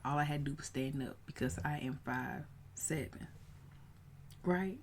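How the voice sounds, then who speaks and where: A woman in her thirties, a coach, telling a personal story in a casual vlog, animated and prone to rising in excited bursts. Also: deep voice, moderate pace, a little hiss or hum. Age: 30s.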